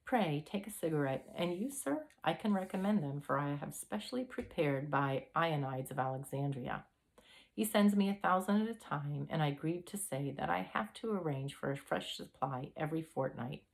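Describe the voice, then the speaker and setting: A woman's voice: sits low, lively intonation, normal speed, vocal fry. Woman putting on a fussy old invalid professor. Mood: courteous. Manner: mincing, flowery, self-pitying.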